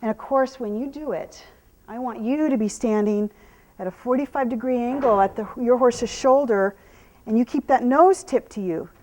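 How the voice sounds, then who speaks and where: A woman with a slightly raised voice teaches horse handling as she works, talking to the viewer in plain steps. Between explanations she drops to gentle, hushed praise for the horse. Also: fairly high pitch, normal speed. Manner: soothing, praising the horse with soft murmurs. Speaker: horse trainer. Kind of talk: hands-on training demonstration.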